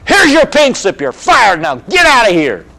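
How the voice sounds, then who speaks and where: A man's voice: extremely high pitch, huge pitch swings, normal speed, sharp tone, voice pushed up, exaggerated voice. A man barking as a furious old boss. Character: angry middle-aged man barking orders.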